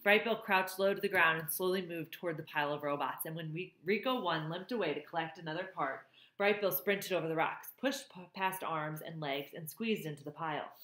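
Reading a novel aloud with a roomy echo around her, this woman has a fairly low, slightly bright voice and a brisk delivery. Every so often she stops to remark on the plot.

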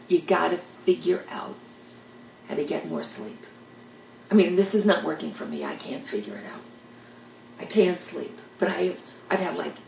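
Older woman with a gravelly voice, roomy. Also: fairly low pitch, darkish tone, far from the mic, slight background noise. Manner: chatty, rambling, self-deprecating. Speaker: vlogger telling jokes. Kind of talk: casual storytelling monologue.

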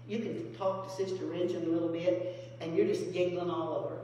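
A woman's voice: level tone, a little fast, dark tone. A woman pastor preaching a folksy sermon, telling stories and acting out phone calls and quotes. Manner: storytelling, acts out phone calls and quotes in a high voice. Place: church sanctuary. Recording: very echoey hall from far off with faint hum.

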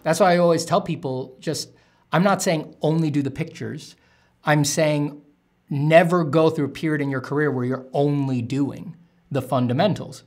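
A man's voice: fairly high pitch, fairly even intonation, moderate pace, a little mellow. A man, an artist streaming while drawing, answering chat questions in a candid, rambling way with casual swearing.

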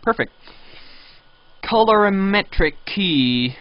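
A young man live-streaming a game and chatting with viewers in a playful, teasing way, now and then breaking into high squealing pleas. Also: lively intonation, slow, dry recording. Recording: dull lo-fi stream audio.

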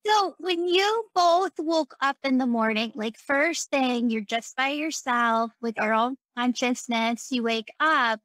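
Host, woman, bright high voice, curious, dry mic. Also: slow, few pauses, no room sound. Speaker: podcast host, medium. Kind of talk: interview.

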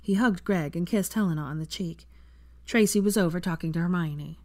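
Fanfic reader narrating a chapter, calm steady voice, mid pitch, dead dry sound. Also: brisk, no echo. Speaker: fan fiction reader. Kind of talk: reading a novel aloud.

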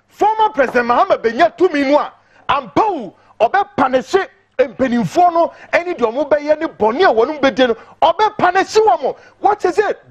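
A man's voice: very high voice, husky. A man with a Ghanaian accent giving impassioned political commentary, emphatic and repetitive, mixing English and Twi.

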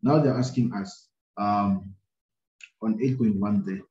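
A man with a low, mellow voice works through a maths problem for his students. He thinks aloud, full of ums and repeated "right?" checks. The recording is dull and lo-fi, in a roomy space. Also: slow. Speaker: maths teacher. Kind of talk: screen-recorded maths lesson.

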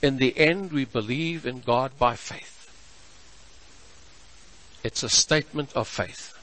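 A man preaching a sermon as pastor, measured and emphatic, stretching out his key words. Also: mid-range voice, a bit bright, a little hiss or hum, low-quality recording. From South Africa.

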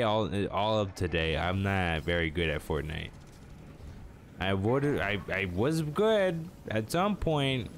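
A young man with a low voice gives live commentary over his own game at home. His pitch swings widely as he jokes at himself and taunts opponents. Faint noise sits behind him. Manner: animated, self-mocking, talks to opponents. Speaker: gaming channel host.

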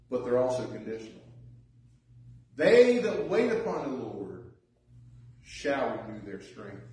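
A man preaching a sermon, reading scripture aloud and then urging his listeners with earnest, rising emphasis. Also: sits high. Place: church sanctuary. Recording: very echoey church hall, mic at a distance.

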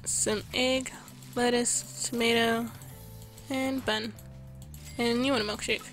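The gameplay host's voice is high, a bit bright yet creaky, and she speaks slowly with a flat delivery, plainly losing her voice. She keeps up her chatty commentary, reading out customer orders as she plays with game music behind her.

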